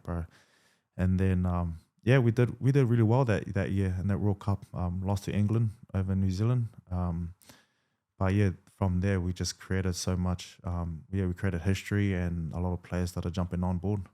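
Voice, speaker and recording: Speaking at a moderate pace in a low register, this man in his thirties, a rugby league player, recounts his experiences during a relaxed interview. Fillers and quoted exchanges run all through it.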